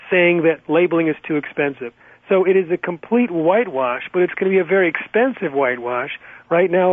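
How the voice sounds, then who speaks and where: A man's voice: on the high side, no room sound. A man speaking as a guest in a radio interview, insistent and packed with facts. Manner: rapid, insistent, fact-heavy. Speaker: guest activist. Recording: phone line, dry.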